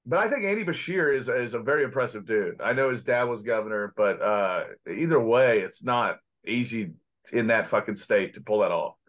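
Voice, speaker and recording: A man's voice: medium pitch, animated, moderate pace, a bit bright. A man in casual podcast chat, sarcastic and swearing freely, acting out quoted voices.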